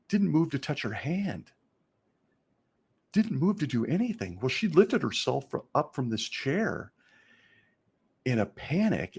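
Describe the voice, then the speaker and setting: A man's voice: medium pitch, husky. A middle-aged man and former church elder, candidly recounting a personal story to his listeners in an earnest monologue. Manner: earnest, candid, talks straight to listeners as "folks". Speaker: former congregation elder, show host.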